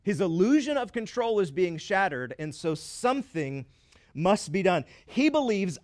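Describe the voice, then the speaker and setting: A pastor delivers a sermon in a high, ringing voice. He piles up repetition for emphasis, pauses for effect and drops wry asides to the congregation. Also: sing-song.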